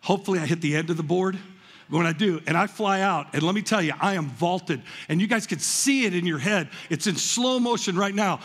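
A man with a high, husky voice preaches to his congregation, spinning animated stories and stumbling over repeated words as he builds his point. His voice rings out with a long reverb tail, as if recorded in a large church hall. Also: brisk. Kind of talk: energetic sermon with stories.

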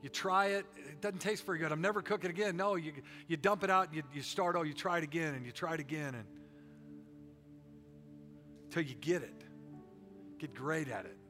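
A man's voice: fairly high pitch, normal speed, long pauses, bright, forceful tone, soft background music. A middle-aged man preaching a sermon with a folksy, joking and emphatic delivery. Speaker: pastor.

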